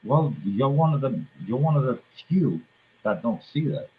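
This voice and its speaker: A man from Cape Cod with a Boston accent, chatting on a live stream, halting and jokey with many restarts. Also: medium pitch, lively intonation, phone-quality sound. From Cape Cod, Massachusetts. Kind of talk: casual live stream chat.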